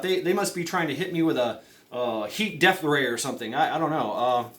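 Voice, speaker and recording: A man's voice: on the high side, normal speed. A man giving mock-serious survival advice in a rambling comedy monologue, full of fillers and stammered restarts. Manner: rambling, with many fillers, stammered restarts and deadpan conspiracy talk. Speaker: comedy vlogger.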